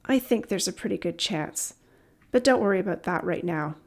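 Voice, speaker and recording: A woman reading the lines of a calm, gentle man reassuring his friend in a storybook. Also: lowish voice, normal speed, vocal fry. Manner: gentle, matter-of-fact.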